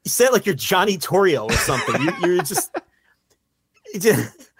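A man's voice: sits high, sing-song, moderate pace, fairly bright tone. A man co-hosting a wrestling podcast, teasing his partner in casual banter. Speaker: podcast co-host. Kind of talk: casual chat.

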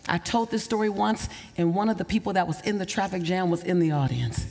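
A woman's voice: fairly low pitch, a little fast, gravelly, warm tone. Woman motivational speaker telling a story to a crowd, fired up, repeats herself for effect, long hall echo. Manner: passionate storyteller, repeats key phrases for emphasis. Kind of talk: motivational speech to a live audience. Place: stage before a live audience. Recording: long reverb of a large hall.

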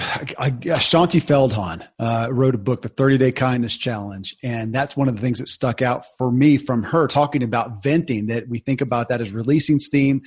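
Male podcast host, average pitch, wordy and searching interviewer. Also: husky. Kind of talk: interview and show narration.

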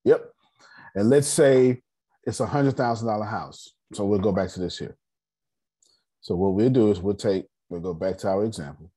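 A fairly low, husky man leads a personal finance class over a video call. He talks straight to his group in loose slang and keeps the pace animated. The sound comes through a call mic. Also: normal speed. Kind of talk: casual teaching on a video call.

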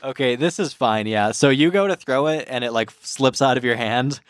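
A man running a tabletop game as dungeon master, making quick, upbeat rulings and laughing often. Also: mid-range voice, no echo, clean studio sound.

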